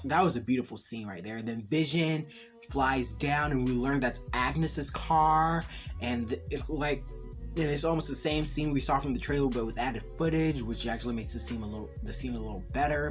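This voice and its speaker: A man casually recapping and reviewing a TV episode, rambling with lots of "like" and excited fan enthusiasm. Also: mid-range voice, fairly quick, soft background music. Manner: rambling, heavy use of "like". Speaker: TV series reviewer.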